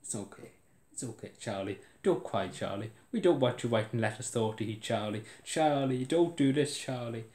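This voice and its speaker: An Irish man mimicking an official who sarcastically soothes a sulking minister in a hushed, patronizing tone, recorded in a roomy space. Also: medium pitch, animated, unhurried, few pauses, close to an everyday voice. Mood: mock comforting. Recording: roomy echo.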